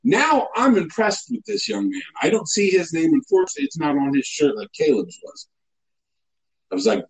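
A man with a high, bouncing voice spins a casual comic story, swinging his pitch all over the place. He sounds mock-indignant and animated, building up small details for laughs. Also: a little slow, long pauses, low-quality recording.

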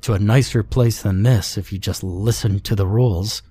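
A man's voice: lowish voice, fairly even intonation, moderate pace, mellow, slightly rough, dry recording. A man doing a sinister train conductor. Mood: stern. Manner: cold, commanding. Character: menacing male train conductor with flashing black eyes.

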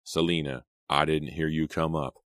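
A man's voice: extremely low pitch, steady tone, moderate pace, a bit bright, smooth, no room sound, clean studio sound. A man voicing a touchy, defensive teenage boy in an audiobook, with a curt, snapping delivery.

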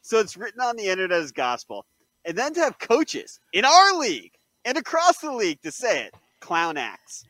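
A man ranting heatedly in a sports chat. His fairly high voice leaps up and down sharply. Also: wildly swooping pitch, moderate pace, pushed and bright, no echo. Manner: fired-up, ranting.

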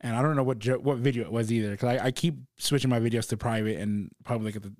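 Young male comedian guest, relaxed and agreeable, mid pitch, dry close mic. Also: fast, no echo. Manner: relaxed, agreeable, laughs as he tells stories. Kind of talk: casual conversation.

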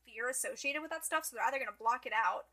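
A young woman with a high, bright voice co-hosts a podcast, chatting casually. Her talk is loose and chatty, full of "like" as she thinks aloud. She has a sharp, lifted tone. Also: fast. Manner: chatty, peppered with "like". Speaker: podcast co-host.

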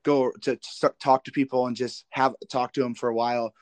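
A man's voice: mid-range voice, level tone, fairly quick, no echo. Midwest guy hosting a podcast, mid voice, dry close sound, rambles and repeats himself. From American Midwest. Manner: rambling, repeats words while asking questions. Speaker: podcast host. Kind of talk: casual interview questions.

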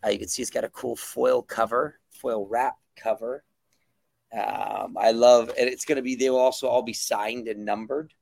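A man's voice: mid-range voice, fairly even intonation, moderate pace, creaky, a little mellow, dry recording. A man being interviewed as a comic book writer, talking enthusiastically and rambling with many fillers. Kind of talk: casual interview talk.

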